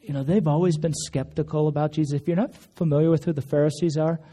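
A man's voice: steady tone, quick pace, mellow. A man preaching a sermon in church, telling stories conversationally and acting out quotes. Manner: conversational storytelling, acts out quotes with raised pitch. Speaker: pastor. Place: church sanctuary.

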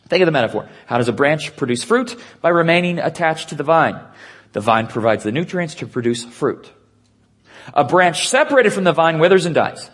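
A man preaching an earnest sermon, dropping to a hush and slowing down to stress key points. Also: fairly high pitch, big pitch swings. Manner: earnest preaching with hushed, slowed emphasis. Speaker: pastor.

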